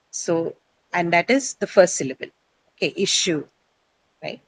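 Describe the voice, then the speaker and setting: A woman's voice: sits low, rough recording. A woman teaching English word stress to a class. She explains step by step, often says "uh", and asks her students questions.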